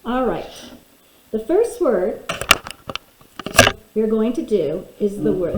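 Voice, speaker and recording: Woman teacher, middle-aged, mellow tone, deliberate phonics lesson, echoey room. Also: mid-range voice. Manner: slow, deliberate sounding out of letters. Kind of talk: phonics lesson, sounding out words. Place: room at a desk. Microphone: camera pointed at desk.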